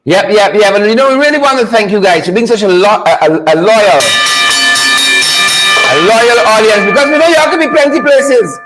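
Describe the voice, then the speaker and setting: A man hosts a live online show with a lot of energy. His voice sits high, and he keeps repeating rallying catchphrases while greeting viewers one by one. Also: lively intonation, brisk, loud music behind the voice, rough recording.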